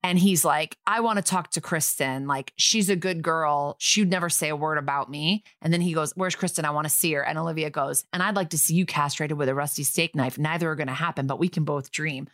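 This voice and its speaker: Chatty woman with a low voice. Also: a little fast, hardly any pauses, fairly bright tone, dry recording, studio quality. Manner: chatty, acts out quoted lines in funny voices. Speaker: podcast co-host. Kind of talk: casual recap chat.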